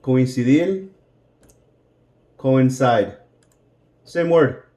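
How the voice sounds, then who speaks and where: Slow, mellow-voiced man teaching English. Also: mid-range voice. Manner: repeats words slowly for pronunciation drills; mixes in Spanish translations. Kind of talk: slow, deliberate English lesson.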